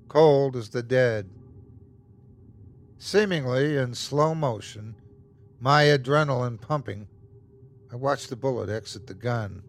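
A man hosting and narrating a horror story in the first person with a slow, tense delivery. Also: mid-range voice. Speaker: host and narrator.

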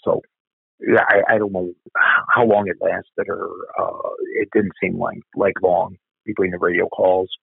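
A man's voice: deep voice, little pitch movement, a little slow, creaky, breathy edge, no echo, phone-quality sound. A middle-aged man, a police officer, bluntly and profanely retelling a family tragedy in a candid interview. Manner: blunt, profane, repeats himself while recalling. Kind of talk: candid conversational storytelling.

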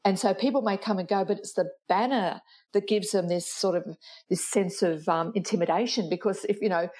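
A woman's voice: medium pitch, a little fast, a little mellow. A woman, a retired police officer, telling anecdotes in a chatty interview, laughing often and restarting sentences. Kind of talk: storytelling interview chat.

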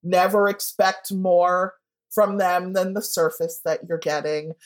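A woman's voice: on the low side, little pitch movement, a little slow. A woman guest speaking frankly in a casual interview, often acting out what people said to her. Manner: frank and candid, acts out quoted voices. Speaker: guest author.

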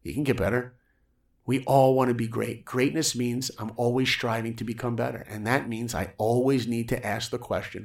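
Gravelly man telling an energetic story. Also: medium pitch, fairly quick. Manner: energetic, acts out quotes in raised voices. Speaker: guest storyteller. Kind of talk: animated storytelling on a podcast.

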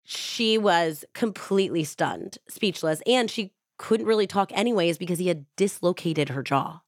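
Low-voiced woman telling a true crime story. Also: normal speed, no echo, clean studio sound. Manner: casual and chatty, with frequent "like". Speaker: podcast host.

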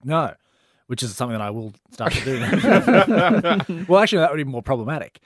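A man's voice: fairly high pitch, big pitch swings, normal speed, no room sound, clean studio sound. A young man hosting a casual podcast, rambling and self-deprecating with many restarts. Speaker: podcast host.

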